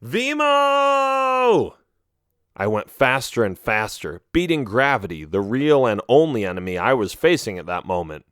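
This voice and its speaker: A man reading a first-person children's animal story aloud with an expressive, animated delivery. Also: lowish voice, moderate pace, few pauses, no room sound, studio quality. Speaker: audiobook narrator.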